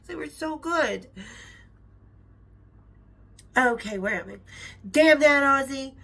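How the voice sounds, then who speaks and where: A woman's voice: high-pitched, lively intonation, takes it slowly, vocal fry, a bit bright. A middle-aged woman reading her own memoir aloud, breaking off for chatty asides and laughs. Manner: chatty, laughs between passages, self-interrupting. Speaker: author and storyteller.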